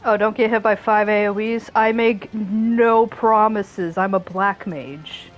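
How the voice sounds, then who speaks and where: A woman streams a video game in a mid-pitched voice, chatting casually with jokey asides. She giggles often and swears freely. Game music plays faintly behind her. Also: steady tone, slow pace, lo-fi sound. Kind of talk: casual gaming commentary. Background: game soundtrack music.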